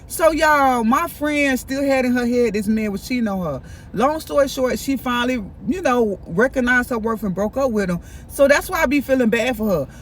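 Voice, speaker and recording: A man chatting in a casual storytime vlog, animated and gossipy, talking straight to his viewers. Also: very high voice, normal speed, hardly any pauses, a little hiss or hum. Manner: animated, gossipy, keeps addressing viewers directly. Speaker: vlogger. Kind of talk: casual storytime while eating.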